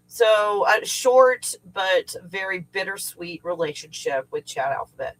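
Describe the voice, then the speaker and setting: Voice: medium pitch, lively intonation, a little slow, hardly any pauses, fairly bright tone, low-quality recording. A middle-aged livestream host who teaches remote viewing, talking casually and at length, rambling and swearing freely while venting. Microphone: livestream setup.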